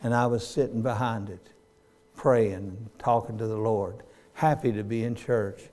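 An older man, preaching a sermon in a folksy storytelling way that breaks into sudden loud cries. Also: fairly low pitch, fairly even intonation, moderate pace.

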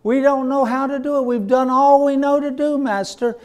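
A man's voice: very high voice, steady tone, moderate pace, a little mellow, pitched above the performer's own voice. A man voicing frightened disciples pleading for help in a sinking ship. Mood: desperate pleading. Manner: desperate, pleading, crying out. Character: panicked frightened fishermen disciples in a storm.

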